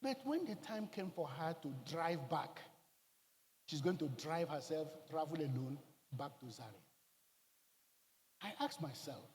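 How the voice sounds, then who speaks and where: A man preaching a sermon, telling a personal story with emotional, emphatic delivery and loud bursts of exclamation. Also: a little high, animated, measured pace, pauses often, long reverb tail. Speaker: pastor.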